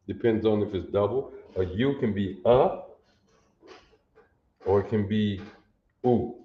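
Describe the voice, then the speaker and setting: A man teaching a language class, slow and patient, sounding out each syllable aloud. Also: on the low side, roomy sound, phone-quality sound. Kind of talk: classroom lesson.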